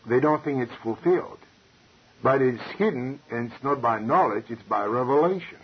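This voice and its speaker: A man preaching a sermon, emphatic and halting, full of rhetorical questions. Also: on the high side, slightly rough. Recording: dull lo-fi recording.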